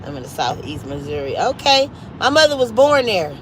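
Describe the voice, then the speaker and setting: A woman from Cleveland, Ohio, in the US Midwest, hosts a casual livestream from home, chatty and upbeat as she urges viewers to subscribe to her friends' channels. Her mid-range voice is very animated and brisk. The audio is poor, with slight background noise.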